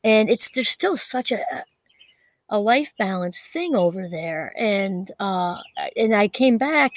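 A woman's voice: mid-range voice, animated, slow, dry recording. A woman in her fifties talking through a casual, reflective solo monologue, rambling with frequent fillers and restarts. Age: 50s. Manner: rambling, full of "you know" and restarts.

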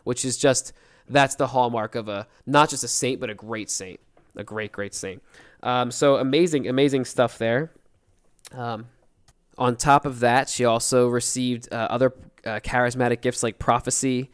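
A man's voice: mid-range voice, steady tone, normal speed, clear, resonant tone. A young man co-hosting a podcast in casual chat, telling a story with energy and acting out the quotes. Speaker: podcast co-host.

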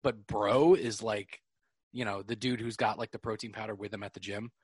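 A man with a New York accent, hosting a casual podcast chat, animated and laughing often. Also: on the low side, normal speed, husky, no room sound, clean studio sound. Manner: animated, laughing, swearing freely. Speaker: podcast host.

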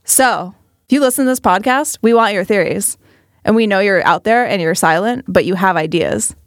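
Woman podcast host, blunt and deadpan-sarcastic, dry booth sound. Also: medium pitch, moderate pace, dry recording. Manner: blunt, sarcastic, swears casually. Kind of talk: casual chat.

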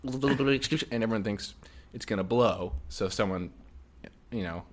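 A man's voice: fairly low pitch, unhurried, slight background noise. A young man co-hosting a comedy podcast, rambling through improvised bits with lots of laughing and swearing. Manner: rambling, laughing, swearing, jumps into silly voices. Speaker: podcast co-host.

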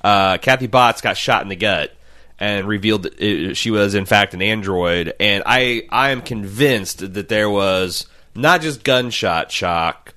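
A man co-hosting a podcast in loose, jokey chat. His voice sits fairly low, and he rambles, restarts his sentences and piles on silly riffs. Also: measured pace, pushed and bright. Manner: rambling, jokey, self-interrupting. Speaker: podcast co-host. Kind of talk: casual chat.

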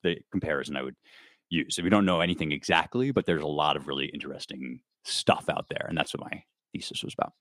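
Low voiced american guy in his 30s rambling excitedly, lots of ums, dry close sound. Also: quick pace, dry recording. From United States. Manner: animated, explains with many fillers and restarts. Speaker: guest author. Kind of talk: casual conversational interview.

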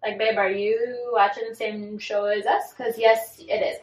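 A woman's voice: mid-range voice, flat delivery, measured pace, recorded from a distance. A young woman co-hosting a podcast, chatting casually and recapping gossip with acted-out quotes. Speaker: podcast co-host. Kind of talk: casual chat. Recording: echoey room, voice a bit off-mic.

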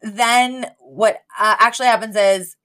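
A woman co-hosting a podcast, chatting casually about a sitcom episode and acting out the characters' lines with sudden jumps in pitch. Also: steady tone, bright, forceful tone. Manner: chatty, acts out quotes with quick pitch jumps. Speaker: podcast co-host.

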